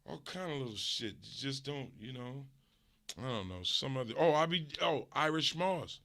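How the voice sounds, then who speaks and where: A man from the US West Coast, a streamer host, delivering a casual, profane, animated comedic rant. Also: medium pitch, normal speed, gravelly.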